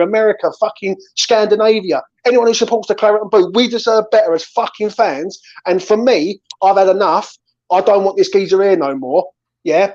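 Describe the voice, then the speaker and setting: A man's voice: sits high, a little mellow. A man hosting a fan channel, ranting and swearing in an angry chat after a match. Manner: ranting, swearing, keeps saying "right?" and "mate". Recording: slightly dull lo-fi sound.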